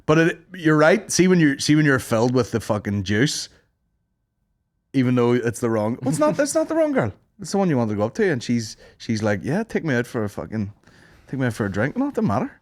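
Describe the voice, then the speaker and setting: A Northern Irish man co-hosting a comedy podcast, teasing his co-host in quick banter. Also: mid-range voice, big pitch swings. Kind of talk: comic banter.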